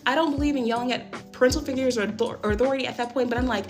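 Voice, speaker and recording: A woman's voice: fairly high pitch, racing, hardly any pauses, over music. A young woman telling a personal story in a casual storytime monologue, blunt, emphatic and full of swearing. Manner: blunt, heavily profane, emphatic retelling.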